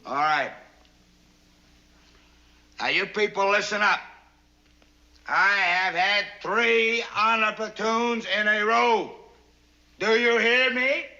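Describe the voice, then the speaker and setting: An actor playing a stern, sarcastic Marine drill sergeant who barks orders and counts cadence, in a 1960s sitcom. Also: male voice, sits high, takes it slowly, pauses often, pushed and bright, heavily acted. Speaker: drill instructor. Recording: dull old TV soundtrack.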